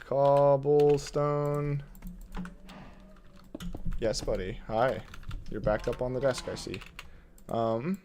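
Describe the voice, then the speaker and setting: A male streamer at his home desk talks through his build in unhurried, casual commentary. His pitch rises and falls a lot as he thinks aloud, reads chat and chuckles. Faint keyboard typing sits in the background. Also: gravelly, background noise. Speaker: game streamer.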